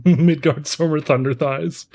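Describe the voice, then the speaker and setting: A man's voice: a little high, steady tone, measured pace, dark tone. A man streaming a game, chatting casually with friends and laughing often.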